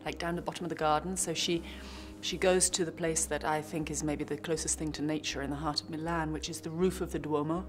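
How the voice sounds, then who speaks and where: A woman's voice: deep voice, flat delivery, brisk, hardly any pauses. A woman actress answering interview questions in a reflective way, often restarting her sentences and adding playful asides.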